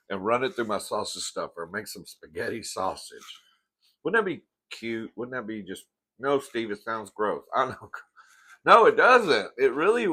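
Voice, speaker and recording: Here a mukbang host with a mid-range, slightly bright voice talks casually to camera. Between bites he's chatty and campy, calling his audience "girl."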